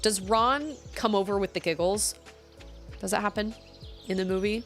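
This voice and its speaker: Soft background music plays as a young adult woman streams a game, casually chatting, thinking out loud, and laughing readily. She speaks at a moderate pace with a medium pitch.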